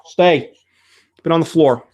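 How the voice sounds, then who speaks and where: High-voiced man ranting on a livestream. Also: slow, a little mellow. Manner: rambling, profane, ranting. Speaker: channel host answering viewer questions. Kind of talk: casual livestream Q&A. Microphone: streaming setup mic.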